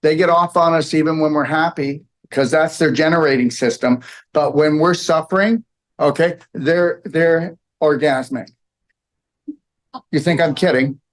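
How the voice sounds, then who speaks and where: A man's voice: fairly high pitch, a little slow. A man giving a rambling, emphatic lecture to a live audience, often checking in with okay and all right.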